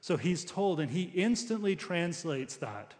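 Male pastor, fairly high voice, preaching in a casual, restarting style in a reverberant church hall. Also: sing-song, a little slow, darkish tone. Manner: conversational preaching with frequent restarts. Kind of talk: sermon.

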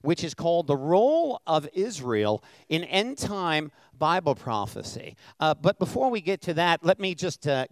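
A man in his fifties, from Brooklyn, preaching in a church with a slightly high voice. He tells his testimony with humor and calls out to the congregation. The sound is dry and close. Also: no room sound, poor audio. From Brooklyn, New York. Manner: humorous storytelling with call-outs to the congregation. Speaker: guest preacher. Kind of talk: sermon testimony. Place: church sanctuary.

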